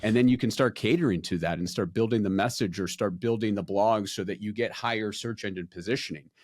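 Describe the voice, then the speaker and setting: A man's voice: fairly low pitch, fairly quick, a little mellow. A man hosting a podcast, explaining ideas to his listeners in an easygoing, conversational way. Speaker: podcast host, wealth advisor. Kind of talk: podcast interview.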